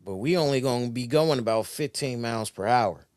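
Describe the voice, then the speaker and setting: A man's voice: mid-range voice, a little fast, a little mellow, dry recording, clean studio sound, natural voice. A man voicing his broken-down car as a weary, grudging talker that strikes a deal.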